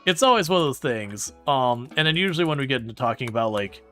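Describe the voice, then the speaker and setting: A man streaming a game and chatting with viewers in a rambling, animated way, often restarting his sentences. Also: medium pitch, fast, soft background music. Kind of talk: casual gameplay commentary answering chat.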